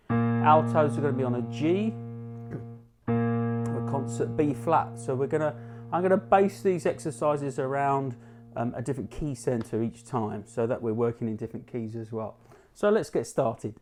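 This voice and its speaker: A man with a British English accent teaching a live online jazz lesson over a video call, talking in a relaxed, instructive way with many fillers and restarts. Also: mid-range voice. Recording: faint piano music behind the voice. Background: piano notes.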